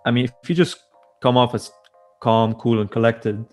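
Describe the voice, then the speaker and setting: Young guy cohost, mid pitch, rambly and hesitant, soft music in back. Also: fairly even intonation, normal speed. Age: young adult. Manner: rambling, hesitant, self-correcting. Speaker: podcast co-host. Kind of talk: casual chat.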